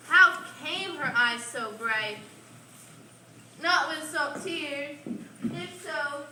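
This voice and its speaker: A woman playing a lovesick, scorned young woman on stage, delivering plaintive verse. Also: sits high. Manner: plaintive, self-pitying verse. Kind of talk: amateur stage acting. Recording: echoey stage recorded from far off, noisy.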